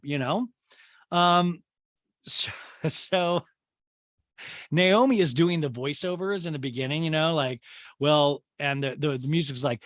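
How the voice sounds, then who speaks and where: A man's voice: fairly high pitch, a little slow, no echo, clean studio sound. A man hosting a solo recap podcast, joking and acting out quoted voices as he goes. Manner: animated, jokey, acts out quoted voices. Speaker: podcast host. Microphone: podcast microphone.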